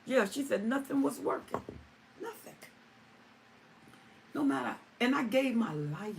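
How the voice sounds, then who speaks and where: Woman w/ hosting a livestream, slow and emphatic, repeats herself a lot, set back from the mic. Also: medium pitch. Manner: emphatic, repeating lines for stress. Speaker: livestream host. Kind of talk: live chat reading viewer comments. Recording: distant mic with faint ambient noise.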